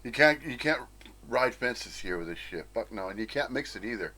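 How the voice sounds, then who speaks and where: A man's voice: medium pitch, animated, moderate pace, bright, forceful tone, slightly rough. A man giving a blunt, profane, emphatic monologue on spiritual teachings. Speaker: spiritual commentator. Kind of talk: ranting monologue.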